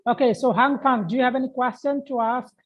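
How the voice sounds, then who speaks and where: A woman hosting a live English chat stream, speaking halting non-native English with many uhs. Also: high-pitched, husky. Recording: muffled online audio.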